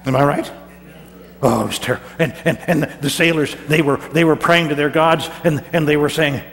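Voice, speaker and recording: Theatrical pastor in a reverberant church. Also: male voice, a little high, moderate pace, fairly bright tone. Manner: theatrical, chatty, with stammered repeats. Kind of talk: first-person character sermon. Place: church hall. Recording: church hall reverb with faint hum.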